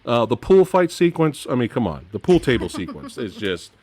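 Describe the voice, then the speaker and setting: A man hosting a casual movie-review chat, animated and laughing often, his voice dropping low at the end of phrases. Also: moderate pace, no echo. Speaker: podcast host.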